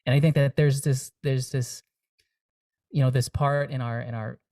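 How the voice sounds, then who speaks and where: A man's voice: mid-range voice, fairly even intonation, moderate pace, mellow, dry recording, studio quality, far from the mic. A young man, a singer-songwriter guest, talking earnestly and reflectively in a casual interview, with many fillers and restarts.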